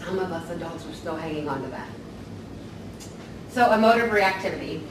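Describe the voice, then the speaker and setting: A woman's voice: on the low side, lively intonation, normal speed. A woman counselor giving a casual training lecture, often checking in with "right?". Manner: casual, tags points with "right?". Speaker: counselor teaching a staff training. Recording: echoey room from far off, faint noise.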